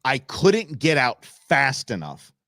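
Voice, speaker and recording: A man's voice: medium pitch, wildly swooping pitch, takes it slowly, gravelly, bright, forceful tone, no room sound, studio quality. A middle-aged man from the Los Angeles area hosting a live show, ranting casually and answering his chat. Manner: opinionated, ranting, talks back to chat.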